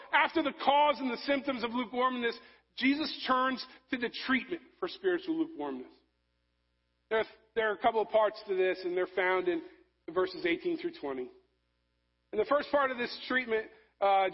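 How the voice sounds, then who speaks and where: A man preaching a sermon, rising to loud emphasis and dropping to soft, low passages. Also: highs cut off. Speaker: pastor.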